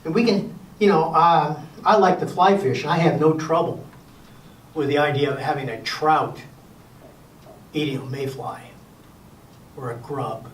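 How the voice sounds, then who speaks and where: An older man presenting a Sabbath school lesson in a relaxed lecture style, folksy and wry with gentle humor. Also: a little high, a little slow, long pauses, distant mic. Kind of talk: casual lecture to a class. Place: church classroom. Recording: echoey room recorded from afar.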